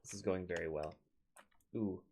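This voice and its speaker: Young Minnesotan male gamer, low and gravelly, laid-back running commentary. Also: fairly even intonation, normal speed, background noise. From Minnesota, United States. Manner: chatty, talks to his units, chuckles often. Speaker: let's play host. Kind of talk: casual gameplay commentary.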